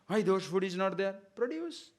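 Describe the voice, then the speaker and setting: A man's voice: high-pitched, big pitch swings, normal speed. A man giving a discourse on scripture as a spiritual teacher, emphatic and full of rhetorical questions, sometimes chanting verses in Sanskrit.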